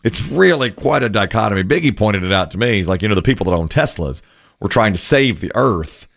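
Low-voiced guy hosting a radio chat, storytelling and opinionated, dry close mic. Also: expressive, a little fast, gravelly, no echo. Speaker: radio show host. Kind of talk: casual entertainment chat.

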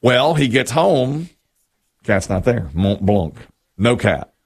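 A man's voice: medium pitch, lively intonation, takes it slowly, gravelly, breathy edge. A man hosting a radio show, telling a news story in casual, joking banter.

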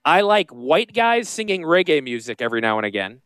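Joking, rambling radio host, dry studio sound. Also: male voice, fairly high pitch, expressive, a little fast, hardly any pauses, fairly bright tone, no echo. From Connecticut. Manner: joking, rambling, self-deprecating. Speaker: radio show host and financial advisor. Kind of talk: casual radio talk.

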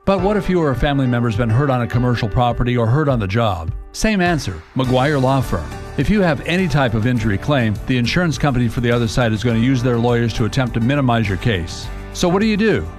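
A man's voice: mid-range voice, big pitch swings, quick pace, music in the background. A man reading a persuasive ad in an earnest tone. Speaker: ad announcer.

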